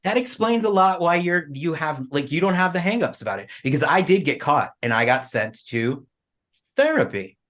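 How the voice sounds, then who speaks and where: A man co-hosting a podcast in casual chat, animated and teasing. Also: on the high side. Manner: animated and teasing, quick bursts. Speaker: podcast co-host.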